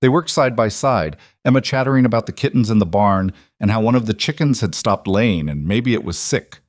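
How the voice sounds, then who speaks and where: Brief: male audiobook narrator, lowish voice, steady storytelling, dry close sound. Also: brisk, no room sound.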